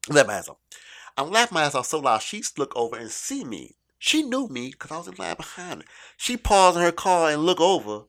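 A middle-aged man telling a stand-up comedy story in an animated, profane way, swinging between loud bursts and quiet asides. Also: on the high side, a little fast.

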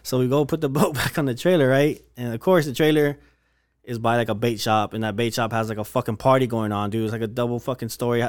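A man's voice: medium pitch, quick pace, smooth, no echo, clean studio sound. A young man telling a wild story in casual podcast chat, swearing constantly and acting out what people said. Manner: animated storyteller, heavy swearing, slangy.

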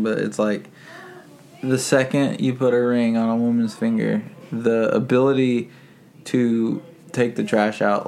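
A man co-hosting a relaxed podcast, answering in dry, deadpan one-liners. His voice has a gravelly, fry-tinged texture. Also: medium pitch. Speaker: podcast co-host. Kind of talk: casual chat.

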